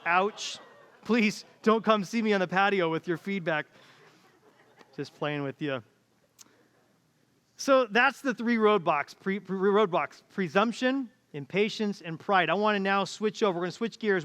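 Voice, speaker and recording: A man's voice: sits high, expressive, normal speed, fairly bright tone, smooth, long reverb tail. A man preaching a sermon as pastor, telling stories and acting out the people in them. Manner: storytelling, acts out quoted voices. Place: church auditorium.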